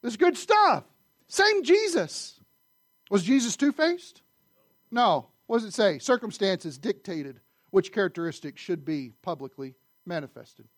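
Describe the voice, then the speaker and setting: A man preaching a sermon, animated, swinging from loud emphasis to quiet asides. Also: sits high, normal speed, dry recording, studio quality. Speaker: pastor.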